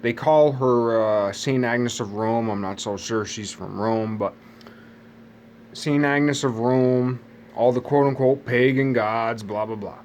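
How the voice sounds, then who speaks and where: A man rambles through a casual solo monologue, often doubling back to correct himself. His voice sits at a middle pitch. A faint noise floor runs under the recording. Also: slow pace, darkish tone. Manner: meandering, self-correcting, jumps between tangents.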